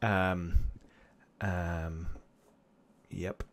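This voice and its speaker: A man with a lowish voice runs a tabletop game as game master. He narrates loosely and rambles, with plenty of fillers and chuckles along the way. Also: level tone, drawn-out words, slight background noise.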